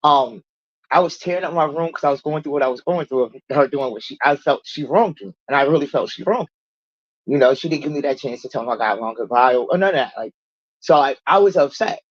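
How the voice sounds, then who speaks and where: A woman tells her own recovery story in a casual livestream chat, talking fast, bluntly, and profanely. She's animated and acts out the people she quotes in a raised pitch. The audio is dull, with no room sound.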